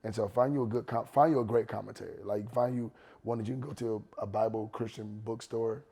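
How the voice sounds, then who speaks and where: A man in his forties, a worship leader talking casually on a podcast couch, relaxed and slangy, repeating his advice for emphasis. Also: lowish voice, fast, creaky, husky. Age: 40s. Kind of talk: casual chat.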